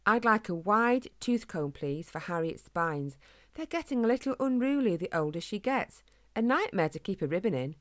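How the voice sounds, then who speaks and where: A woman voicing a firm, proper mother hedgehog who talks briskly. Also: mid-range voice, animated, no room sound, clean studio sound, close to an everyday voice.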